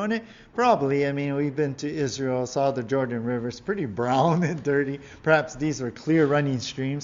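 A man's voice: mid-range voice, measured pace, darkish tone. Man preaching in a lo-fi recording. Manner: conversational preaching, acts out quoted figures with raised voice. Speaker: pastor. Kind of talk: sermon.

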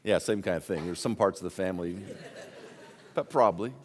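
A man preaching a sermon as the pastor, telling stories with his voice swinging from hushed asides to loud exclaims. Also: low-pitched, brisk.

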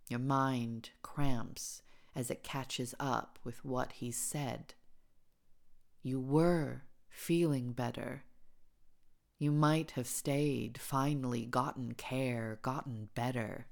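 Audiobook reader, female, very deep and unhurried, hushed horror narration. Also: fairly even intonation, vocal fry. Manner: hushed and deliberate, dropping into whispers at times. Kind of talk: scripted narration of a second-person horror story.

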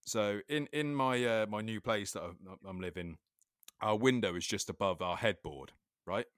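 A man co-hosting a podcast tells a story in casual chat, swearing constantly and laughing often. His voice is lowish and fairly bright, at a moderate pace, recorded in studio quality with no echo.

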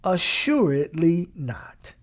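A man's voice: on the high side, big pitch swings, slow pace. A man delivering a conversational sermon, casual and emphatic, repeating lines for effect and mixing in slang. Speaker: preacher.

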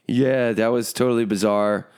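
A man's voice: medium pitch, steady tone, moderate pace, darkish tone, smooth. A man co-hosting a casual sports podcast, easygoing and rambling, with lots of "like". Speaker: podcast co-host.

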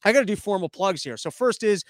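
A man's voice: high-pitched, lively intonation, fast talker, no room sound, clean studio sound. A man hosting a podcast as a live stream, rambling through viewer comments in a sarcastic, crude, offhand way. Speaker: podcast host.

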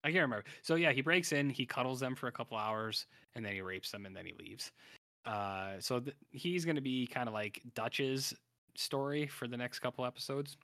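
Man, podcast co-host, rambling casual recap, filler-heavy, mid-pitched voice, dry close mic. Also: brisk, sharp tone, no room sound. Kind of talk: casual chat recapping a TV show.

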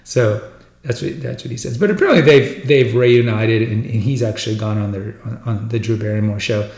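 A man's voice: on the low side, a little fast, darkish tone. Rambling male podcast host, roomy sound. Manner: rambling, conversational, enthusiastic. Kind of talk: casual film retrospective chat. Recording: roomy echoey room sound.

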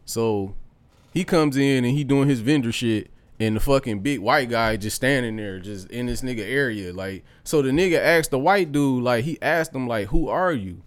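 Male co-host, casual profane storyteller, frequent laughter, low muttered asides. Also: normal speed. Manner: animated, profane, laughs often, drops low when making asides.

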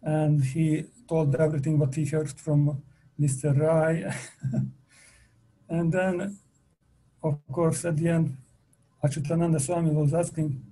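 Slow, husky man telling a devotional story. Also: on the high side, flat delivery, poor audio. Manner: halting, many pauses and fillers, laughs softly.

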